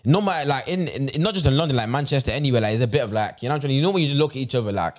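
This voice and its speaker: A young man chatting casually on a podcast, animated and slangy, often repeating his phrases. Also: mid-range voice, very fast. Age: young adult. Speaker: podcast host. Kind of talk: casual chat.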